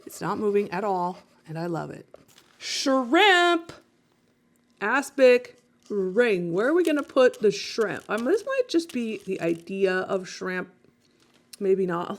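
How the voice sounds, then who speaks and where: A woman painter talking casually to viewers as she works, chatty and self-mocking, often laughing at herself. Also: medium pitch.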